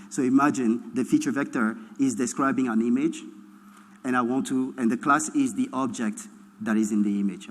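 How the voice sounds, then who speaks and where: A man giving a keynote lecture, explaining slowly, repeating his points and often checking with "right?". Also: mid-range voice. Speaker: keynote speaker. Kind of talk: academic lecture. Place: large lecture hall. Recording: echoey lecture hall with long reverb.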